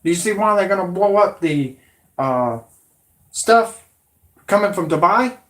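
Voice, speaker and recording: A channel host from Alabama in his 40s rants angrily at his viewers in a monologue, shouting, swearing, and picking fights. His voice is high-pitched with lively intonation, and he doesn't rush.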